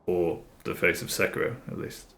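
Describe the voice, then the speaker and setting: A man's voice: moderate pace, a bit bright. A man streaming live who talks casually and earnestly, rambling and repeating himself as he works through his ideas. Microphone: streaming mic, face off camera.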